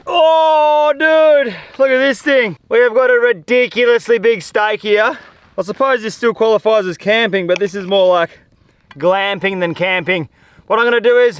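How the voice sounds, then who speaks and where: A man with an Australian accent vlogging outdoors in the desert, talking in a chatty, slangy, excitable way. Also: high-pitched, clear, resonant tone, dry recording. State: tired. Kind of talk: casual outdoor vlog talk. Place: outdoors in desert dunes and scrub.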